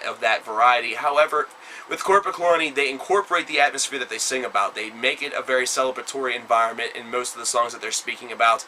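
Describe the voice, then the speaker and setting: A man giving a casual spoken album review, rambling with many fillers and sudden loud, emphatic bursts. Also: mid-range voice, a little hiss or hum, rough recording.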